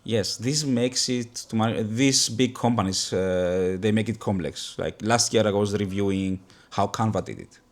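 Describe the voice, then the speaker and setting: Low-voiced man hosting a business chat. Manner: thoughtful, halting restarts. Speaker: podcast host. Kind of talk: casual business conversation.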